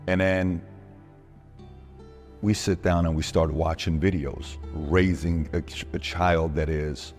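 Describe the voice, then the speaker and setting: Man with an extremely low voice, interview guest, animated storyteller who voices every line of dialogue. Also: takes it slowly, faint music behind. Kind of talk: personal storytelling in a podcast interview.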